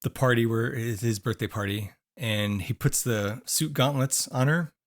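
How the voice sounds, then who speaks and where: A man's voice: mid-range voice, moderate pace. A man co-hosting a podcast in casual chat, rambling with fillers while losing his voice. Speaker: podcast co-host.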